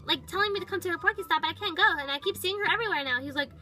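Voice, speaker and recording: A bratty, dramatic little girl pet, voiced by a woman, chattering in a high, very bright voice. She gushes in valley-girl talk, piling on "like" over soft music behind her. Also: racing, rough recording. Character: bratty, dramatic young female toy pet. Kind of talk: toy-figure storytime narration.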